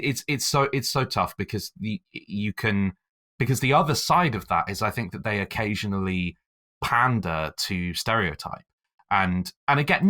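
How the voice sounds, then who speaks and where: A man's voice: low-pitched, bright, forceful tone. A man co-hosting a casual podcast discussion about a TV episode, full of restarts and hedging as he thinks aloud. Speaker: podcast co-host.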